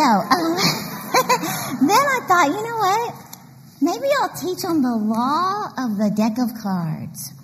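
A middle-aged woman giving an animated, story-filled motivational church talk, laughing often. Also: on the high side. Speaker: women's conference speaker. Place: church hall. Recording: reverberant hall mic, faint noise.

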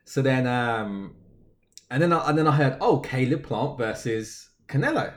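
An easygoing man co-hosting a podcast in relaxed chat. He mostly backs up his friend with short replies, then rambles loosely when he tells his own take. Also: medium pitch, normal speed. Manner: easygoing listener, brief agreements, rambling when he talks. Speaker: podcast co-host. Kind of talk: casual chat.

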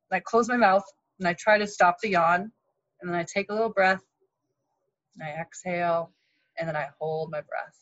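A woman hosting a podcast, telling stories in an animated, laughing way over a video call. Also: on the low side, no echo, muffled recording. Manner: animated storyteller, laughs often. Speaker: podcast host. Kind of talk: casual heartfelt conversation.

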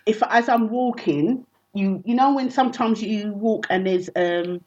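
A woman comedian chatting casually in a remote interview, telling animated, self-mocking stories. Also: mid-range voice, unhurried, highs cut off. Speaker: comedian guest. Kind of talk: casual chat.

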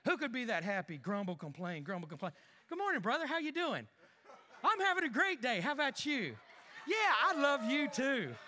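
A petty, grumbling husband in church, as a preacher acts him out mutters gripes and flips to fake cheer. The voice sits high with a sharp, bright edge. It rings in a long, echoey hall. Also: male voice, very animated, normal speed, full character voice. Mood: fake cheerful. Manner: muttering complaints under his breath, fake cheer to others. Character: grumbling married male churchgoer, sulky and petty. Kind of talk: comic skit within a sermon.

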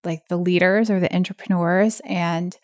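A woman's voice: on the low side, fairly even intonation, normal speed, a little mellow, no echo, clean studio sound. Frank, laughing woman co-host. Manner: frank, laughs often, self-mocking. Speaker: business co-founder and podcast co-host. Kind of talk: casual conversation.

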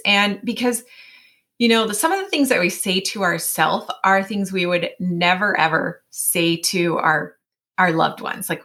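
A woman in her forties, a guest in an interview, telling a personal story in a chatty way, full of fillers, often acting out what her inner voice says. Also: lowish voice. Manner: chatty, many fillers, animated self-quoting.

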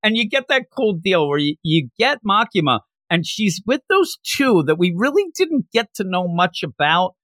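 An animated man chatting casually as a podcast co-host, laughing as he goes. His voice sits a little high, swings widely in pitch and sounds bright. The sound is dry and close. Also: moderate pace, hardly any pauses, dry recording. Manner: animated, laughing, retelling scenes.

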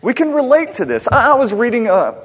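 A man preaching a sermon as pastor, conversational and animated, asking rhetorical questions of the congregation. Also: very high-pitched, brisk, husky, in a large hall.

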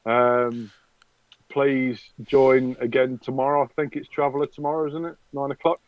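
A man's voice: medium pitch, level tone, moderate pace, no room sound, phone-quality sound. A man with a cold, hesitantly wrapping up a game stream as game master. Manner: hesitant, many ums. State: has a cold. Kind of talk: casual stream wrap-up.

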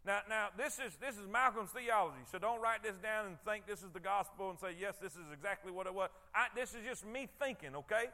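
A man's voice: sits high, a little fast, few pauses, sharp tone. A man preaching a sermon in a conversational way, often repeating words and checking in with his congregation. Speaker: pastor.

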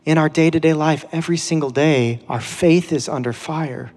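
A pastor delivers a sermon in an earnest, conversational way, slowing into dramatic readings of scripture. His voice sits a little high for a man. The sound rings with the long reverb of a large hall. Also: a little mellow.

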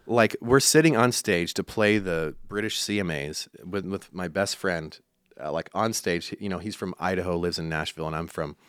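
A man's voice: deep voice, moderate pace, a bit bright, clear, resonant tone, dry recording, clean studio sound. A young man from Iowa, a country musician, telling stories in a casual interview, rambling with fillers and restarts. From Iowa, USA.

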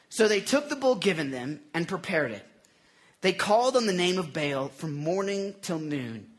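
A man's voice: high-pitched, very animated, normal speed, bright, forceful tone. A man preaching a casual, jokey sermon, retelling scripture in everyday slang.

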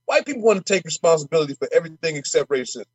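A man's voice: fairly high pitch, very animated, racing, breathy edge, dry recording. A man speaking as a state legislator guest in an interview, emphatic and fiery, repeating words as he heats up. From Minnesota. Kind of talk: passionate interview talk.

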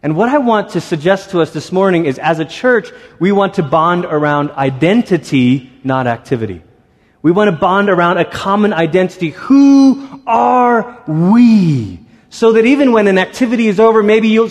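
Male pastor with a high voice, preaching conversationally with lively asides, church hall reverb. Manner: conversational, animated storytelling with quick asides. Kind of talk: sermon. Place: church sanctuary.

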